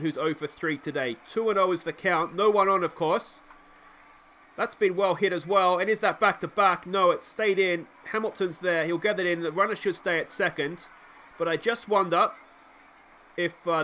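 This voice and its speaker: A young Australian man commentating his own baseball sim game in an excitable, chatty play-by-play style, often asking himself questions and cheering his players on. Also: sits high, slight background noise. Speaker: video game let's play host.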